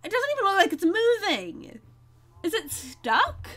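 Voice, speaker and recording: A woman's voice: extremely high pitch, sing-song, unhurried, fairly bright tone. A woman hosting a gaming video, chatting casually and giggling to viewers as she plays. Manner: chatty, giggly, talks to viewers while playing. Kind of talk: casual let's-play commentary.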